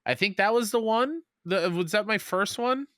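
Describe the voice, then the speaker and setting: A man co-hosting a casual gaming podcast, enthusiastic and quick to laugh. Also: high-pitched, a bit bright, smooth, dry recording, studio quality. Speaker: podcast co-host.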